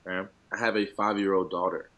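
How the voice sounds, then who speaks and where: Thirties male athlete co-host, low voice, animated and emphatic delivery. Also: fairly quick. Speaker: podcast co-host, professional football player. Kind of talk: casual chat.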